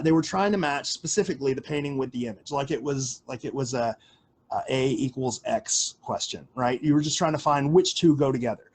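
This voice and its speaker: A man's voice: a little high, a little mellow. Rambling casual man hosting a livestream. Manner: rambling, filler-heavy, casual swearing. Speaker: livestream host answering questions.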